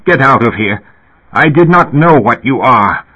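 A man with a husky voice playing a stern old man who turns forceful and agitated. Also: medium pitch, sing-song, a little slow, full character voice. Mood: stern, furious. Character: fierce old man, stern and quick to fury. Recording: tinny phone-like sound.

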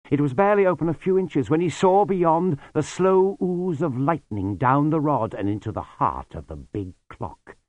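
A man narrating a story in a measured, expressive reading. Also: medium pitch, no echo. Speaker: audiobook narrator. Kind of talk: scripted narration.

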